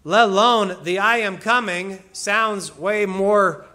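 A man delivers a sermon in a high, bright voice. He explains each point with emphasis and slips into casual asides. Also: slow. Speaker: pastor.

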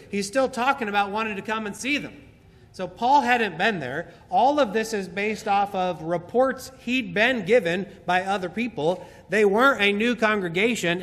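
A man preaching a sermon, slowly and emphatically explaining a Bible passage and repeating key phrases. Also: sits high, a bit bright. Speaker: pastor. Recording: hall reverb.

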